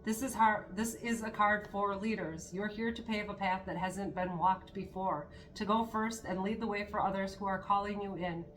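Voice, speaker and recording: A woman's voice: mid-range voice, fairly even intonation, normal speed, few pauses, a bit bright, faint music behind. A woman giving a spiritual card reading to her viewers, talking in an earnest, encouraging way with spontaneous asides. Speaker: tarot card reader.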